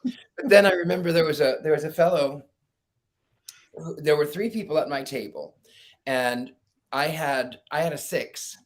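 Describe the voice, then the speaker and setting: A man's voice: a little high, normal speed, pauses often. A man, a psychic guest, telling stories in a casual interview and acting out the people he quotes. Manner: animated storyteller, acts out quoted voices, laughs.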